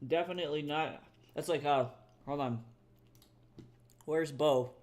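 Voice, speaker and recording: A man's voice: fairly high pitch, measured pace, darkish tone, slight background noise. A young man chatting casually to viewers on a live art stream, loose and self-deprecating, swearing freely and laughing easily. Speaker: artist live-streaming, reading chat.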